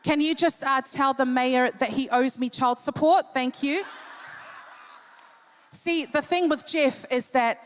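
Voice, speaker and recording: Cheeky 50s woman teasing the crowd at a big dinner, high voice, slow and easy. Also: a little hiss or hum. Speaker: entertainer at a charity dinner. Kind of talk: live comedic crowd banter. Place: large city hall at a live dinner event.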